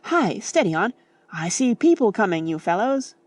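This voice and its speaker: A woman voicing an excitable middle-aged male clergyman who shouts in a flustered, raised voice in an audiobook. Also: a little high, takes it slowly, dry recording, voice pushed up, exaggerated voice. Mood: urgent calling.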